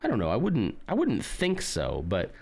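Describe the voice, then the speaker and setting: A man's voice: medium pitch, wildly swooping pitch, moderate pace, gravelly, darkish tone, husky. A man casually chatting on a live stream while building a model, reading out and answering chat with jokes and self-mockery.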